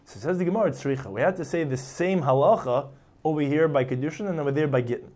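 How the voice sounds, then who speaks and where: A man's voice: on the high side, fast talker, darkish tone. A man teaching a Talmud passage, reading phrases aloud and then explaining them in casual English, acting out the speakers now and then. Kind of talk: explaining a text line by line.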